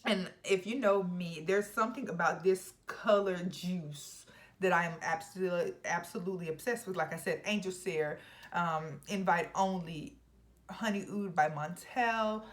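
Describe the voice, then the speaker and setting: Lively emphatic woman reviewing perfume. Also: fairly low pitch, normal speed. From Georgia, US. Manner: emphatic, playful, swings into hushed asides. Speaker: fragrance reviewer. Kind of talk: casual chat to camera.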